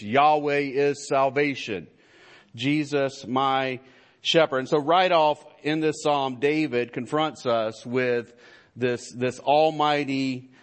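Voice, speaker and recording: A church pastor preaches a sermon in a mid-range voice, halting at first with many fillers and restarts before building to emphatic fervor.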